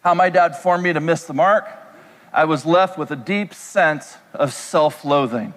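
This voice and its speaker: A pastor delivering a sermon in a conversational way, throwing rhetorical questions at the congregation. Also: male voice, fairly high pitch, a little slow, fairly bright tone. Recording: echoey hall reverb.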